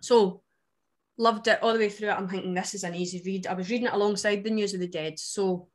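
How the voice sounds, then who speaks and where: A Scottish woman from Scotland co-hosting a book podcast, chatting in a wry, animated way. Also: medium pitch, fast talker. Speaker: podcast co-host. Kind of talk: casual chat.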